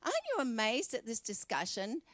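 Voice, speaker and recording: A woman's voice: on the high side, huge pitch swings, a little fast, fairly bright tone, dry recording. A woman pastor with an Australian accent preaching a sermon in church and speaking straight to the congregation in a conversational way. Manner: conversational, addresses the congregation directly.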